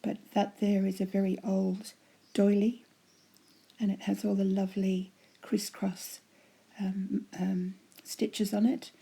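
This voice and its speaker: A chatty woman with a voice going hoarse, gushing over her handmade crafts in a casual show-and-tell at home, often dropping to a breathy half-whisper. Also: medium pitch, mellow. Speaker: craft vlogger showing giveaway prizes.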